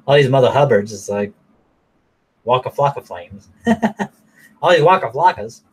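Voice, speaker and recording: A man ranting casually to camera in a blunt, profane, rambling way, now and then mocking people in a high falsetto. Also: expressive, a little slow, husky. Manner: mocks others in high falsetto. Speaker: vlogger.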